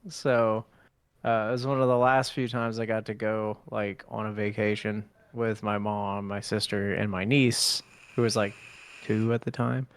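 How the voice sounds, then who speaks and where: A man's voice: fairly low pitch, a little slow, clear, resonant tone, dry recording. A young man co-hosting a podcast, telling funny stories casually, acting out quotes and swearing freely. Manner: animated storyteller, acts out quotes, swears freely. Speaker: podcast co-host. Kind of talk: casual storytelling chat.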